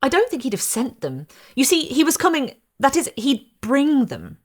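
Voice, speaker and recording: Woman reader as a jilted young bride, high, breathless, politely desperate. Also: wildly swooping pitch, normal speed, a little mellow. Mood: anxious. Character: anxious young woman searching for her missing groom.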